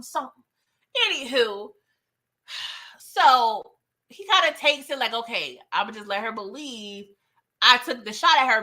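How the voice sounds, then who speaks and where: A high-pitched woman recaps a TV drama episode in loose, slangy chat, laughing often and throwing in sassy asides. Her voice is bright and sharp, with a teasing, playful bite. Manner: slangy, laughs often, playful sass, acts out quoted dialogue. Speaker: TV recap host.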